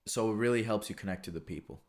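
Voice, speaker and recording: Low-voiced man musing on a podcast. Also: fast. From USA. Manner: reflective, rambling with frequent restarts. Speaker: podcast host. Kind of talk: casual solo podcast talk. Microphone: podcast mic.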